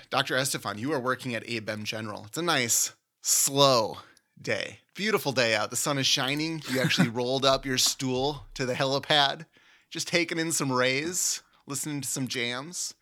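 A man's voice: mid-range voice, normal speed, pushed and bright. A man hosting a podcast, playfully narrating a mock medical exam case. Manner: playful, teasing, laughs easily. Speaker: podcast host running a mock oral boards case.

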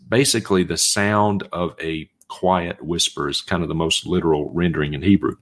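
A man's voice: low-pitched, a bit bright. A man giving an expository sermon, reading scripture aloud and arguing each point with emphasis. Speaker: Bible teacher.

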